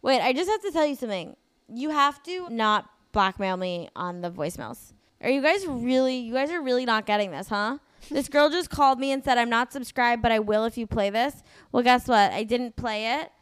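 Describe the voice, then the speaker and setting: A woman's voice: fairly high pitch, animated, moderate pace, clean tone, dry recording. A woman hosting a comedy podcast, chatting in a brash, crude, joking way. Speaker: podcast host. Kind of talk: casual podcast chat.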